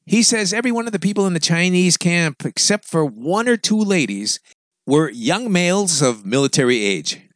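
A man's voice: high voice, lively intonation, normal speed, fairly bright tone, no room sound, clean studio sound. A man hosting a radio show, delivering an opinionated, sarcastic monologue full of wisecracks.

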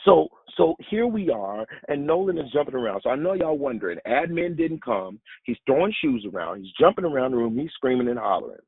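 A man preaching a sermon and telling a personal story, animated, with his pitch leaping up for emphasis, recorded on a phone. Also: brisk, few pauses, slightly rough, dry recording, phone-quality sound.

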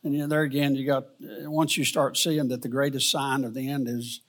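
A man teaching a Bible study lesson in a rambling, halting way, with many fillers and restarts. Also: mid-range voice, level tone, fairly bright tone.

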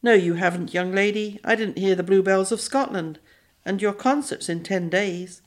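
Woman doing a brisk British stepmother. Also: medium pitch, close to an everyday voice. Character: brisk British stepmother, middle-aged, kindly.

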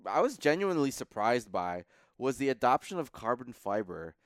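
A man's voice: medium pitch, sing-song, normal speed, no echo, studio quality. A man co-hosting a car podcast in casual chat, often backing up his partner with short agreements. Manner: agreeable, frequent short affirmations. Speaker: podcast co-host.

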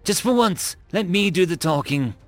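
A brutish three-eyed alien general barks and sneers in a raised, animated voice, as a male narrator plays him. Every line is pushy and hot-tempered. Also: high-pitched, moderate pace, no echo, faint music behind, voice pushed up. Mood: haughty. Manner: snarling, bullying.

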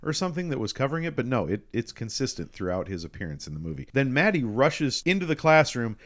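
A man's voice: mid-range voice, fast talker. A man co-hosting a podcast in casual chat, reviewing a movie with frequent laughter and swearing. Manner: laughing, profane, animated storytelling. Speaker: podcast co-host.

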